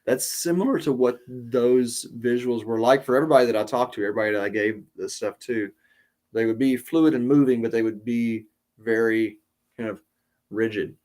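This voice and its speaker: A man's voice: mid-range voice, moderate pace, a little mellow. Rambling man telling a podcast story. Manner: rambling, many ums and restarts. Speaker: podcast host. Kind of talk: casual storytelling.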